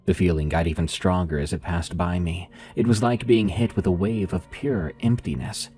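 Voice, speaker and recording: A man with a nasal voice hosting and narrating horror stories in a calm, measured way. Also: sits low. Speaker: horror story narrator and podcast host.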